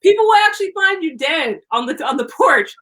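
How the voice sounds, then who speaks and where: A woman chatting casually as an interview guest, an animated storyteller full of likes and restarts. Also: very high voice, a little fast. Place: lives on the East Coast, away from LA.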